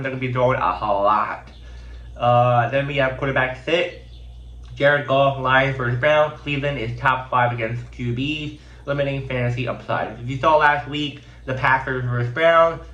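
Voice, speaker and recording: A man's voice: mid-range voice, a bit bright, roomy sound, lo-fi sound. A man with a congested, sick voice running through casual fantasy football picks with many fillers and restarts. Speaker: host.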